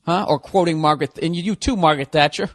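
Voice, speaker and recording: A man rants in an exasperated, profanity-laced comic monologue, firing off rhetorical questions. His voice sits a little higher than most men's. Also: fast talker, no room sound, studio quality. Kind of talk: profane comedic rant.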